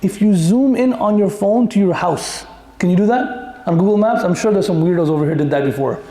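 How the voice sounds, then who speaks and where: A man's voice: high voice, a little fast, dark tone. A male Islamic teacher giving a conversational Quran lesson full of stories and jokes for the audience. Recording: echoey room.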